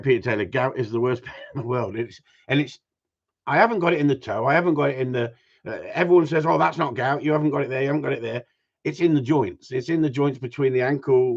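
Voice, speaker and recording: A man chats to his livestream audience in a joking, teasing way, laughing often between lines. His voice sits at a middle pitch for a man. The stream audio sounds dull and lo-fi. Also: fairly quick. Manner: joking, banters with chat, frequent laughs. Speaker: livestream host. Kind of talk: casual livestream chat.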